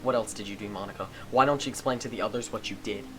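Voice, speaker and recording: A man's voice: on the low side, fast, background noise, close to an everyday voice. A man reading aloud as an angry young male protagonist in a visual novel game, in an accusing, heated tone. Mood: furious.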